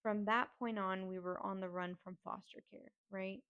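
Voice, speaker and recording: A woman's voice: medium pitch, steady tone, normal speed, smooth. A woman hosting a podcast, telling a personal story in a candid, casual and profane way. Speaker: podcast host. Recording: slightly dull lo-fi audio.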